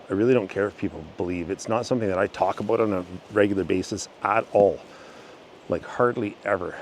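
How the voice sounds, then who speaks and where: A middle-aged man with a slightly low voice rambles to his viewers in an easygoing, halting way, often restarting his sentences. He is recorded outdoors on a forest trail, with steady background noise clearly underneath him. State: out of breath. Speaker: channel host. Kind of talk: casual rambling talk to camera. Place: outdoors in a forest by a river, walking uphill.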